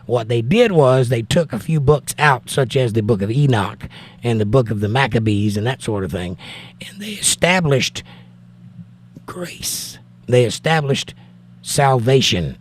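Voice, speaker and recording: Male host, Southern Georgia accent, middle pitch, blunt and plain-spoken, reads chat and debates scripture. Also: darkish tone. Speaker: livestream host reading chat. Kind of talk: casual livestream chat.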